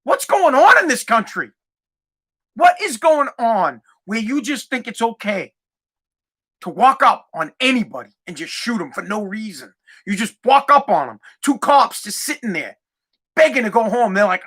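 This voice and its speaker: A man hosting a podcast, delivering an angry, profane solo rant that repeats itself and breaks into shouting. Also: very high voice, big pitch swings, moderate pace, breathy edge. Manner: heated, profane, repeats himself, shouts at times. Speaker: podcast host.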